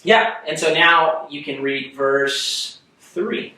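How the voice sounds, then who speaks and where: A young man talks preteens through a scripture passage, chatty and full of rhetorical questions. His voice sits a bit high and carries a heavy room echo. He stands back from the mic. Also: takes it slowly, sharp tone, distant mic. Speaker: youth worship leader.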